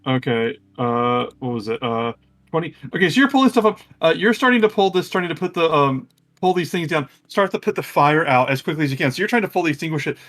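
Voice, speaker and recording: A man narrating a tabletop game as game master, talking in a halting way full of ums and restarts. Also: on the high side, lively intonation, a bit bright.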